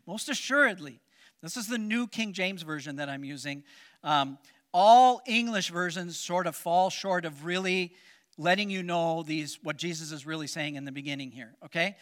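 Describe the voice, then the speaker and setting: A man's voice: a little high, sharp tone. A man preaching a sermon to a congregation as pastor, joking with corny puns and speaking emphatically, with many fillers. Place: church service before a congregation.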